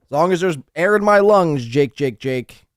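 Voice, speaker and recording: A man hosting a live stream, reading out donations and mocking others with animated banter. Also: on the high side, normal speed, dry recording, studio quality. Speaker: podcast host.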